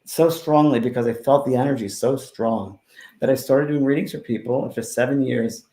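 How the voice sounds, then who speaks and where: A man with a gravelly, mid-pitched voice tells his stories in an animated way, turning loud and then hushed. He is a medium in a casual interview, and his voice carries a roomy echo. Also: moderate pace. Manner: animated storyteller who swings between loud and hushed. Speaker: spiritual medium, guest.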